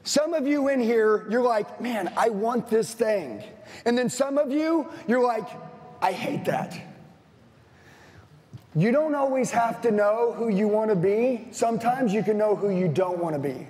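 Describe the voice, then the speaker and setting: A man's voice: extremely high pitch, normal speed, hardly any pauses, a little mellow, in a large hall. A man in his forties, a sales trainer giving an intense, blunt motivational speech to a live audience, swearing and hammering repeated lines. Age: 40s.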